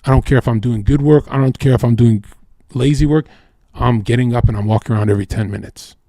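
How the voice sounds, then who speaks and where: A man's voice: mid-range voice, fast talker, dark tone, dry recording, clean studio sound. A man streaming live, talking in a casual, profane, rambling way and often saying "bro" and "like". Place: home streaming setup.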